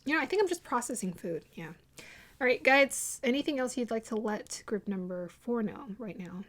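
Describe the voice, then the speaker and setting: A woman's voice: on the high side, lively intonation, moderate pace, fairly bright tone. A woman giving a casual tarot reading to her viewers, chatting and rambling, often restarting her sentences and laughing at her own drama. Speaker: tarot reader.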